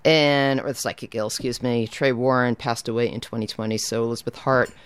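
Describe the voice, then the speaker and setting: A man's voice: medium pitch, fairly even intonation, a little fast, smooth. A man hosting a casual radio show in a studio, rambling and correcting himself as he talks. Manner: rambling, self-correcting, chatty. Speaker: radio DJ and host.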